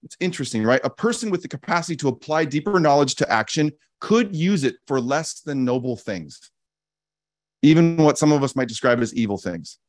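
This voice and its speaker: A man with a slightly high voice talks through his ideas in a reflective, teaching way, the way a podcast host would. He is earnest, often restarts his sentences, and repeats key phrases for emphasis. The sound is dry and close, with no room echo. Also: animated, a little fast. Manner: frequent restarts and casual fillers.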